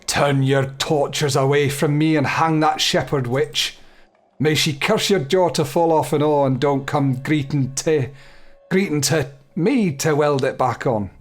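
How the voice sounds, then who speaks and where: A man voicing a gruff, resentful village blacksmith in a put-on Scottish accent. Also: fairly high pitch, a little slow, soft background music. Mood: grumbling. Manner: grumbling, blaming others.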